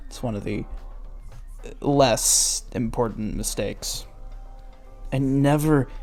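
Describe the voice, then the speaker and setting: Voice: medium pitch, slow pace, pauses often, a little mellow, soft background music. A reader reading fan fiction aloud and stopping often to mock the writing with sarcastic, swearing asides. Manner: sarcastic, swears, laughs at the text. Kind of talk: mocking read-aloud commentary.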